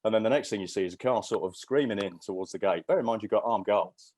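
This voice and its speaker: This man, a podcast guest in his fifties, is a fast talker with a voice on the low side and a slightly mellow quality. He tells anecdotes in a casual, rambling way, restarting a lot and using many fillers.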